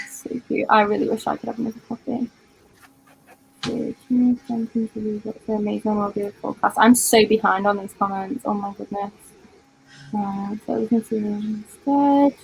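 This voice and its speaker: A woman's voice: medium pitch, little pitch movement, normal speed, vocal fry, pauses often, darkish tone, a little hiss or hum, rough recording. A British woman in her twenties hosting a casual livestream, chatty and full of "like" and "um" as she reads out comments. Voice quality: chatty, filler-heavy, often says "like". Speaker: livestream host.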